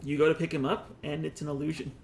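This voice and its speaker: A man's voice: on the high side, little pitch movement, fast, vocal fry, darkish tone, soft background music. A man running a tabletop game as game master, describing scenes with asides and restarts.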